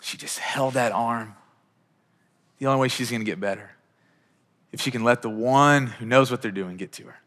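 Emphatic preacher in a reverberant hall. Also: male voice, mid-range voice, moderate pace, long pauses, fairly bright tone. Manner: emphatic preaching with rhetorical questions. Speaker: pastor. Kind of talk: sermon.

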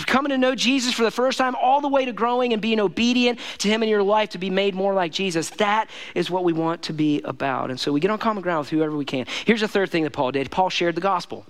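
A man with a notably high voice preaches a relaxed, conversational sermon as a pastor. He repeats key phrases for emphasis and keeps turning to the congregation with "listen to me" and "man.". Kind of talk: casual sermon.

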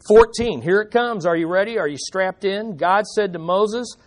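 A man preaching a sermon at a church service, animated, putting rhetorical questions to the congregation. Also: high voice, normal speed, few pauses. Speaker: pastor.

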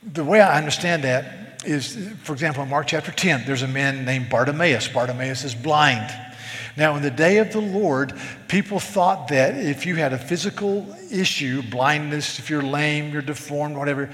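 Pastor, male, slightly high voice, earnest sermon delivery, long hall reverb. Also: fairly bright tone. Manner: earnest preaching, quoting scripture aloud.

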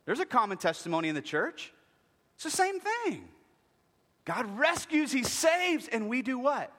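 Lively preaching man in a reverberant hall. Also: very high voice, unhurried. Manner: lively, jokey preaching with acted voices. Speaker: pastor. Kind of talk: sermon. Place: church sanctuary.

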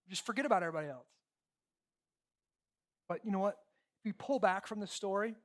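Pastor, male, emphatic sermon delivery, dips to near-whispers and climbs to loud points. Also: a little high. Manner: animated, emphatic, shifts from hushed to loud.

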